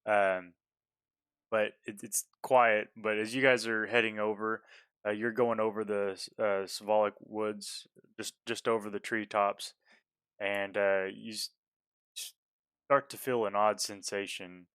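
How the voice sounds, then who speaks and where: Man, lowish smooth voice, dry close sound, halting game master narration. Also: flat delivery, a bit bright, dry recording. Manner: halting, full of fillers and restarts.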